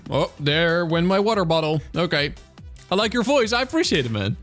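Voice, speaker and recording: Brisk and a bit bright, with a voice on the high side and big swings in pitch, a Dutch streamer chats with viewers over soft background music. His casual answers come in a Dutch accent, peppered with fillers and restarts.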